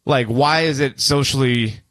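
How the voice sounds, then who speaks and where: A man tells a story in casual podcast chat, rambling and cursing as he goes. His voice sits at a mid pitch. The recording is close and dry. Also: a little slow, a bit bright, dry recording. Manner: rambling storyteller, swears freely. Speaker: podcast co-host.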